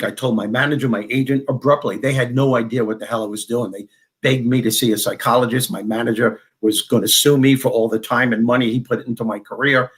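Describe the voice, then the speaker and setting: This man, a motivational speaker and former comedian from Long Island, New York, tells a story as a guest on a podcast. His voice is mid-range, and he's animated, acting out dialogue in quick bursts.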